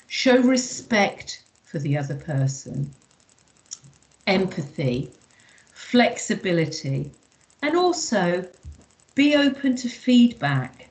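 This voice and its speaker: A woman's voice: mid-range voice, rough recording. A woman leading an online workshop, chatty and emphatic, with lots of "you know" fillers. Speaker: workshop trainer.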